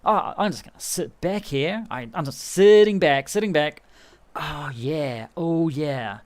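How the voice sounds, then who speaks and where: Male streamer, higher register, chatty and excitable play-by-play. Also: a little slow. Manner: excitable, chatty, laughing often. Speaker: game streamer. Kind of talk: live game commentary.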